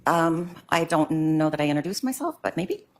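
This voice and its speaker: A woman's voice: deep voice, lively intonation, moderate pace, a little hiss or hum. An older woman giving court testimony, answering hesitantly with many ums. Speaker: witness in court.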